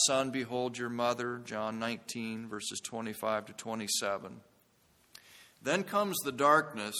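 A man's voice: medium pitch, sharp tone, long reverb tail. A man preaching a sermon as a pastor, earnest and building to intense emphasis.

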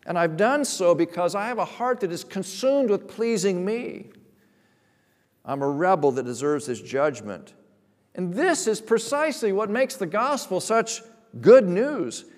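A man preaching a sermon as a pastor, emphatic, rising to loud, slowed stresses and dropping to quiet asides. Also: sits high, animated. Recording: long reverb of a large hall.

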